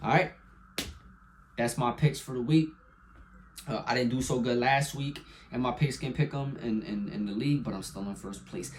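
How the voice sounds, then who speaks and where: A young man talks through his weekly football picks in a loose, unscripted monologue. He swears freely and bounces between loud bursts of hype and low, trailing mutters. A faint background hiss sits under his mid-pitched voice. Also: moderate pace. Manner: hyped and profane, swinging from loud excitement to low mumbles. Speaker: sports picks vlogger. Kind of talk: casual sports prediction monologue.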